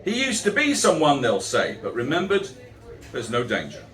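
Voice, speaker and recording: A man's voice: a little high, huge pitch swings, normal speed, loud music behind the voice. A middle-aged man giving a live poetry performance, mixing rhyming verse with wry, self-mocking asides. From England. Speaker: poet. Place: chapel venue. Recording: roomy, distant live recording.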